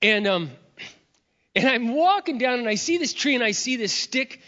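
A middle-aged man preaching a sermon, telling a personal story in an expressive, animated way, his voice surging loud and dropping low. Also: normal speed. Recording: dull sound, long reverb of a hall.

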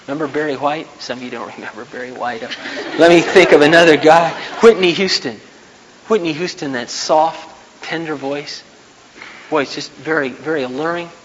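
A man's voice: fairly high pitch, lo-fi sound. Man preaching in a reverberant hall. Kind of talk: sermon. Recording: hall reverb, faint background noise.

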